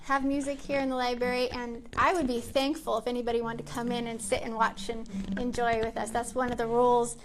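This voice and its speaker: Woman host, high voice, chatty and upbeat, filler-heavy, small library room. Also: little pitch movement, brisk, few pauses, noisy background. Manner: chatty and upbeat with frequent ums and likes. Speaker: show host. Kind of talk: casual chat to a live-stream audience.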